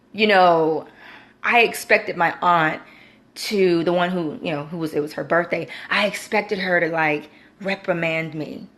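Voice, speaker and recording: A young woman telling a personal faith story in casual talk, full of "you know" and acted-out quotes. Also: fairly bright tone. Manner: conversational, many fillers like "you know"; acts out quoted lines with big pitch jumps. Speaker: Christian vlogger. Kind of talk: casual testimony.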